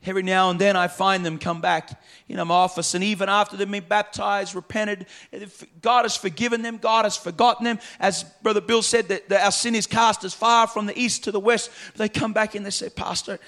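A pastor preaching a sermon in a church, with emphatic, repetitive preaching that swings from quiet, low passages to loud, half-sung climaxes. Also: male voice, little pitch movement, fairly quick.

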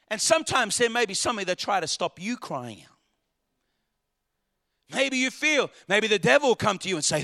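A male preacher delivering a sermon dramatically, swinging between hushed asides and loud, emphatic calls. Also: sits high, sing-song, brisk.

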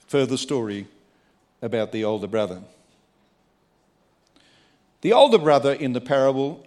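A man preaching a sermon, emphatic, moving between quiet asides and a raised voice. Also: mid-range voice. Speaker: pastor.

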